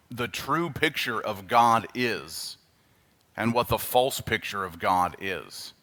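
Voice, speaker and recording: A man with a Canadian accent and a somewhat low voice gives a sermon as pastor. He's animated and emphatic, now and then slipping into quiet, earnest asides.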